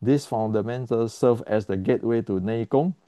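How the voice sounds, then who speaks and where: Man teaching martial arts, blunt and emphatic, repeats himself, clears his throat, warm dark tone, dry close sound. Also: medium pitch, normal speed, no echo. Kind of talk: explanatory lesson to camera.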